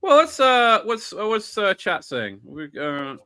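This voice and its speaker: A man co-hosting a casual podcast chat, excitable and often searching for words. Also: high voice, a little slow, smooth, no room sound. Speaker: podcast co-host.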